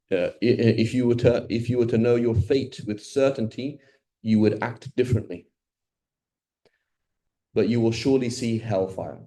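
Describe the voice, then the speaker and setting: A man's voice: on the low side, warm tone. Blunt, emphatic male Quran teacher. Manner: blunt, emphatic, conversational with many "right?" tags. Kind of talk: informal Quran lesson.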